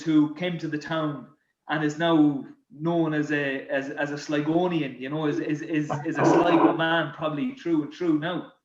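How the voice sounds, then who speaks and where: A man speaking as a podcast guest in casual conversation, talking haltingly with many repeated words and fillers. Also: on the high side. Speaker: guest, former footballer. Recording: roomy, slightly dull sound.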